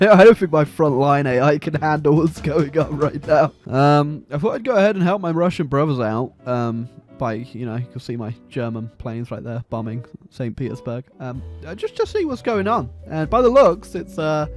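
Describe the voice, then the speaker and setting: Young guy rambling through his strategy game, kinda high voice, jokey and excitable, faint music under it. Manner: chatty, joking, excitable with frequent laughs and fillers. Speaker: gaming video host. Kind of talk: casual gameplay commentary.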